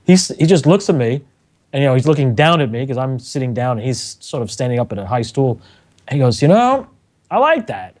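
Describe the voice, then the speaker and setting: A middle-aged man, a radio engineer, telling lively anecdotes on a talk show and acting out the quotes. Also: medium pitch, fast talker. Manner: animated storyteller, acts out quotes, laughs often.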